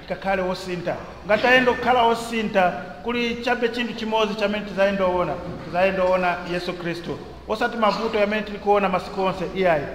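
Guy translating a sermon quick, restarts a lot, roomy church echo, faint noise. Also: high voice, a bit bright. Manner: quick, with restarts and searching for words. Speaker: interpreter. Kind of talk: sermon interpretation.

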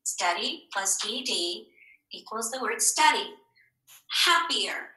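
A woman teacher giving a recorded phonics lesson to young children, slow and encouraging, asking questions and answering them herself. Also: on the high side, expressive, pushed and bright. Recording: echoey room.

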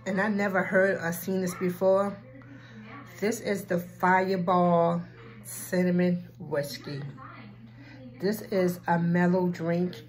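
A woman vlogger in casual chat, talking slowly and from the heart, with a Black way of speaking and frequent ums. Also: fairly low pitch, low-quality recording. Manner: slow and heartfelt, with filler ums.

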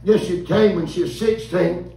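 Man in his fifties, revival preacher, high voice, echoey church from a distance. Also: normal speed, creaky. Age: 50s. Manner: folksy, animated, calls out to congregation. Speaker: visiting preacher. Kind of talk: revival sermon storytelling. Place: church sanctuary.

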